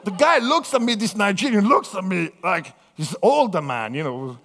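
A man from southern Italy with an Italian accent, preaching a sermon through lively personal stories, acting out the voices in them. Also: sits high, normal speed, gravelly. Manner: animated storytelling, acts out voices in quotes. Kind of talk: anecdotal sermon. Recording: long hall reverb.

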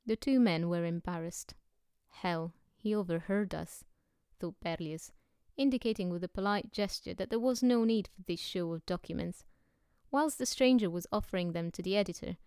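Lady reading a novel aloud, smooth clear voice, dry close recording. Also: medium pitch, a little mellow, no echo. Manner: measured storytelling. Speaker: audiobook narrator. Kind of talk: scripted narration.

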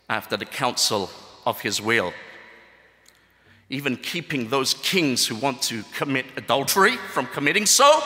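A man preaching a sermon dramatically and building to shouts. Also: fairly high pitch. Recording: echoey hall with long reverb.

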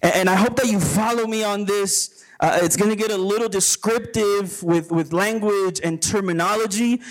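A man's voice: high voice, normal speed, low-quality recording. A man preaching as a pastor at a retreat, often repeating words and asking the crowd to agree with him. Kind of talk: sermon. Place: retreat gathering before a live audience.

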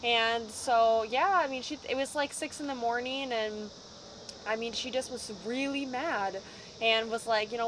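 Young woman telling a lively story. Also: fairly high pitch, a little slow, background noise. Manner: lively storyteller, acts out quotes. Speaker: band vocalist. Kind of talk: casual interview chat.

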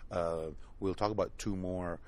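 A man's voice: low-pitched, steady tone, a little hiss or hum. A man hosting a film discussion, introducing segments and handing over to guests. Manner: brisk, steers segments with fillers. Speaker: podcast host.

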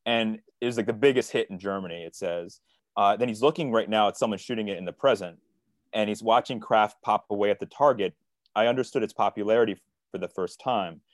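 A man with a low voice talks through a book in a relaxed podcast chat. He speaks earnestly and rambles a little, retelling scenes in his own words. The sound is dry and close, with no room around it. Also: fairly quick, no room sound. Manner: earnest, rambling, quotes characters in paraphrase. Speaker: co-editor and podcast co-host. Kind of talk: casual literary discussion.

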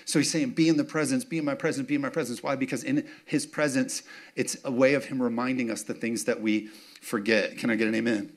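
A man's voice: medium pitch, fairly even intonation, fast talker. A man preaching a sermon in a casual, story-driven way, repeating key phrases and asking the congregation for amens. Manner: conversational, repeats phrases for emphasis, asks for amens. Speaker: pastor. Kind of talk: sermon with personal stories.

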